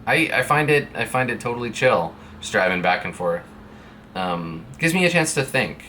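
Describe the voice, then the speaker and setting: Chatting to camera from a buddy's streaming room, a young man from Canada wanders through story after story, doing goofy voices whenever he quotes someone. The vlogger's voice is medium-pitched, animated, pushed and bright, at a moderate pace, with slight hiss or hum from his streaming mic.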